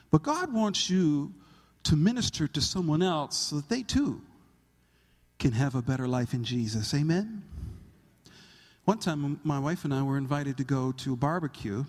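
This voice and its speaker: Animated pastor guy telling stories from the pulpit, high lively voice, big echoey hall. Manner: animated, acts out quotes and laughs at his own stories. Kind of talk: sermon with storytelling.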